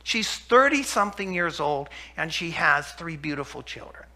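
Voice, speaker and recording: A middle-aged man tells patient stories in an emphatic, urgent way, pressing each point home. His voice sits high and sounds bright and sharp. He weaves scripture into a health talk. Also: animated, normal speed. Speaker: health speaker.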